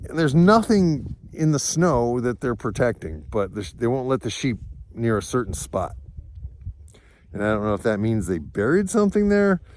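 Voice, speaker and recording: A man's voice: on the high side, a little mellow, slight background noise. A man, a sheep farmer, talking in a rambling, reflective vlog monologue outdoors on a snowy farm, now and then calling to his dogs.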